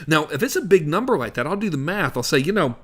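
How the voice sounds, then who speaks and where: A man's voice: on the high side, very animated, fast talker, a bit bright. A man coaching on sales in a casual, instructional way, acting out parts of his calls as he explains. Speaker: business coach.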